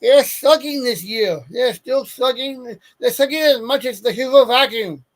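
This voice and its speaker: A man talks sports casually, working through a list of names at an unhurried pace. His voice sits high for a man. He trips over names, backs up and tries again. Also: rough recording. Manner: stumbles over player names, self-correcting; reading from a list. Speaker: sports podcast host.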